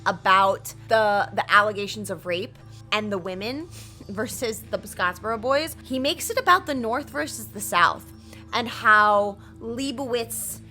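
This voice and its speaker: A woman's voice: medium pitch, unhurried, pushed and bright, soft background music. A woman hosting a casual, chatty history retelling, swearing freely and acting out each character's lines. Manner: chatty and profane, acts out every character's lines. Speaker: storytelling video host.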